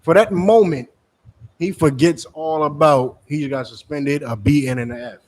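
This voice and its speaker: Forceful man preaching on the street. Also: fairly high pitch, normal speed. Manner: forceful, scolding, repetitive preaching.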